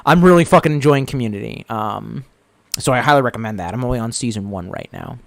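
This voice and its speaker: A man's voice: mid-range voice, animated, fast, creaky, dry recording. A man streaming live, reading viewers' comments and rambling casually with lots of swearing. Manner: profane, rambling, retells jokes with put-on voices. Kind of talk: casual chat.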